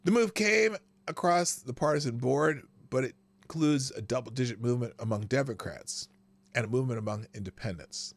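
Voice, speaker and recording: A man's voice: mid-range voice, a little fast, no echo. A man hosting a political commentary show, sarcastic and given to laughing asides. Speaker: host.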